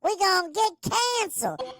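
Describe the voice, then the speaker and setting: A man voices a nervous, pleading little sidekick who frets and scolds, pitching far above his own voice in a heavily acted performance. The very high voice is pushed and bright, with big pitch swings at a normal speed.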